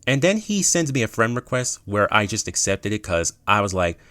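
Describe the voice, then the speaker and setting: A young man with a lowish voice tells a gaming story in a loose, casual way, cursing freely. His pitch swings widely as he narrates, and the sound is close and dry with no room echo. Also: big pitch swings, normal speed, bright, forceful tone. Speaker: YouTuber telling a gaming story.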